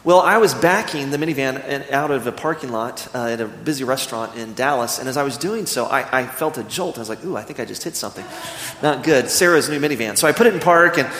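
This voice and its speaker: A man in his thirties preaching a sermon, earnest and storytelling, slowing down when he reads scripture. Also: medium pitch, a bit bright. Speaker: pastor. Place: church sanctuary. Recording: echoey church hall.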